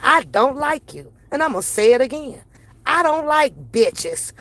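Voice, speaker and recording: A woman streamer, ranting to her viewers in brash, mocking, profane commentary. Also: a little high. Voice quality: brash, sassy, swearing heavily. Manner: confrontational, mocking, laughs between jabs.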